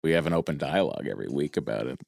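Deep-voiced joking man, rambling. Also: expressive, rapid-fire, gravelly, darkish tone, no room sound, studio quality. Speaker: podcast guest. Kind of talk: casual chat.

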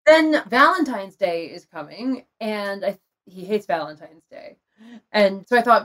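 A woman's voice: mid-range voice, lively intonation, measured pace, fairly bright tone. Candid woman telling a personal story. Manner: emotional, confessional, laughs between lines. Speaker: guest telling her love story.

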